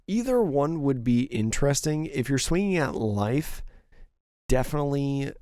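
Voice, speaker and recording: A man's voice: mid-range voice, sing-song, normal speed, warm tone, no room sound, clean studio sound. A young man giving casual solo commentary on a card game match, thinking aloud through each player's options, his voice a little worn. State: slightly losing his voice. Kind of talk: solo play-by-play commentary over a stream.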